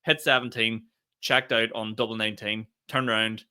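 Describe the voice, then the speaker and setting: A young Northern Irish man telling a long, animated story on a casual podcast, cursing freely and laughing as he goes. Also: on the low side, moderate pace, smooth. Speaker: podcast co-host.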